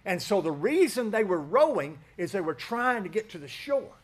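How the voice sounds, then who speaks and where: Male preacher, high voice, fervent delivery, names people in the pews. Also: big pitch swings, moderate pace. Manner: fervent, swings from shouting to hushed asides, calls out listeners by name. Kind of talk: sermon.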